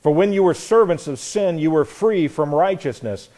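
A man's voice: on the high side, normal speed, mellow. A man preaching a sermon, teaching verse by verse from the Bible with earnest emphasis and frequent restarts.

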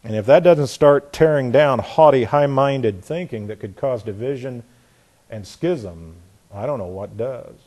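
A man preaching an expository sermon, hammering home key phrases by repeating them and dropping into quiet asides. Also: mid-range voice, measured pace.

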